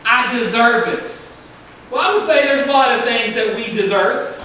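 A male pastor with a very high, somewhat bright voice preaches a little fast with lively intonation, and his preaching cadence draws responses from the congregation. The sermon in the church sanctuary is picked up from a distance in an echoey hall, with a little hiss or hum.

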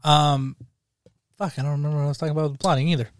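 A young man co-hosting a casual film review podcast, animated and profane, often acting out quotes from scenes. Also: fairly high pitch, very fast, no room sound, studio quality. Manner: animated, swears a lot, acts out quotes. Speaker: podcast co-host.

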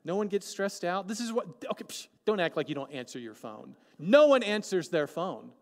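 A man preaching a sermon as pastor, animated and joking, asking the congregation many questions. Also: high-pitched, normal speed. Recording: long hall reverb.

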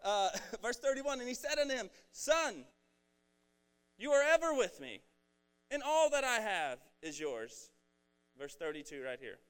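A young male preacher in a casual, joking sermon. His voice sits high and swings widely in pitch. His delivery is animated and slangy. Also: a little slow, pauses often, clean tone.

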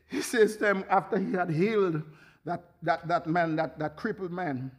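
A man's voice: sits high, a little slow. A man preaching a sermon as pastor, fervent, with frequent hallelujahs and bursts of laughter.

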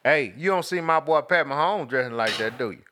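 A man's voice: a little high, lively intonation, brisk, background noise. A man co-hosting a casual sports talk show, teasing his partner and slipping in ad reads. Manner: playful, teasing, drops in ad reads. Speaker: co-host.

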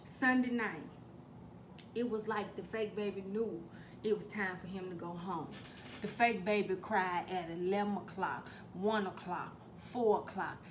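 A middle-aged woman telling a comic family story, profane and animated, with sudden loud bursts. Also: medium pitch, unhurried, a little hiss or hum. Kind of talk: comedic storytelling.

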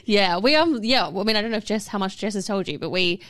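A woman's voice: medium pitch, fast, fairly bright tone, no room sound. Encouraging woman, dry sound. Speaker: podcast co-host, nurse. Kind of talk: casual podcast chat.

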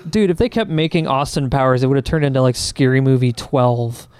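A man's voice: medium pitch, animated, fairly quick, a little mellow, clear, resonant tone, no room sound. A man co-hosting a podcast, laid-back and casual, leaning on dude and like.

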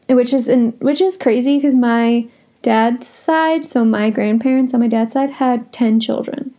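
Young woman podcaster just venting solo, blunt and sweary, kinda high mellow voice. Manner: blunt, frank and swears a lot. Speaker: podcast host. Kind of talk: casual solo podcast talk.

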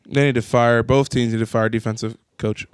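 A young man, co-hosting a casual entertainment chat show, animated and joking with quick asides. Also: medium pitch, clean tone, no room sound, studio quality. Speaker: podcast co-host.

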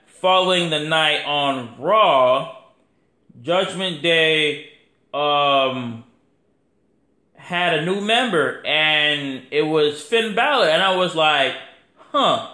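A man hosting a podcast, talking in a casual, rambling monologue that is animated and full of swearing. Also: fairly high pitch, drawn-out words. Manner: animated, profane, rambling, acts out quotes. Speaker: podcast host. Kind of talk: casual wrestling review monologue. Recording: echoey room.

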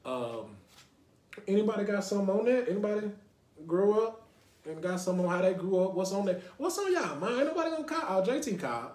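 A man's voice: high-pitched, big pitch swings, quick pace, darkish tone. A young adult man from Dallas, Texas, hosting a casual podcast and rambling, often asking "you know what I mean". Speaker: podcast host. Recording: roomy echo.

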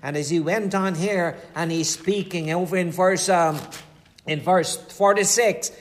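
Middle-aged male pastor, high-pitched, homespun preaching style. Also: fairly even intonation, unhurried. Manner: folksy storytelling with scripture quotes. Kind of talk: preaching a sermon.

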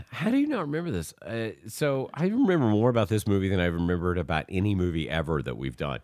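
Talking at a quick clip with a fairly low pitch, a podcast co-host runs through a movie plot in casual conversation. He's animated and profane, performing lines from the film as he goes.

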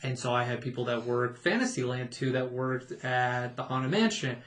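A man in his thirties, a podcast co-host, telling stories in a casual, animated way, laughing often and acting out what people said. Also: mid-range voice, moderate pace. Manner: animated, laughing storyteller who acts out quotes. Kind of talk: casual storytelling chat.

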